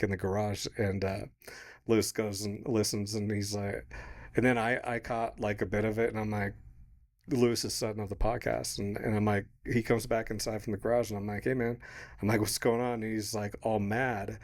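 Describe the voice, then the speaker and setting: A man's voice: on the low side, flat delivery, normal speed. A man in his thirties co-hosting a podcast, telling a long story casually, swearing and laughing as he goes. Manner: rambling, swearing, laughing mid-story, quoting others. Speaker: podcast co-host.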